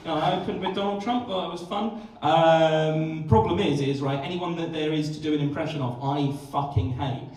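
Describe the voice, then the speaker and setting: A young man doing stand-up, his voice sitting high, sweary and self-mocking, stumbling through restarts. He sounds distant and boomy, bouncing off a big echoing club room with crowd noise behind. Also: moderate pace, hardly any pauses, darkish tone. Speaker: stand-up comedian. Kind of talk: live stand-up set. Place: comedy club stage.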